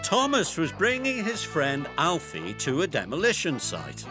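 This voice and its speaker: A man narrating a children's storybook in a lively storytelling manner. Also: a little high, measured pace. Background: background music.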